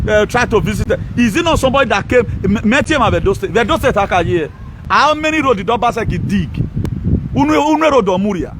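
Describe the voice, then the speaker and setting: A man's voice: sits high, animated, a little fast, fairly bright tone, slight background noise, poor audio. A man, ranting scornfully and combatively in a political video monologue. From Nigeria. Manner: scornful, combative, mocking, with frequent laughs. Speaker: social media commentator.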